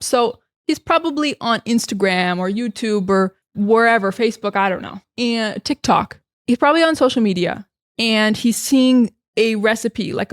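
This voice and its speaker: A woman's voice: medium pitch, no echo, clean studio sound. Chatty American woman teaching English. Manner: chatty, many fillers and restarts. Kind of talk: casual podcast-style teaching.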